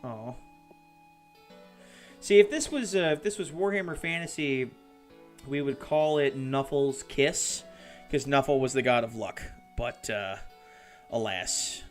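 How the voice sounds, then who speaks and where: A man's voice: medium pitch, unhurried, pauses often, soft background music. A man hosting a hobby build live stream, chatting casually, swearing and laughing often, and reading chat messages aloud.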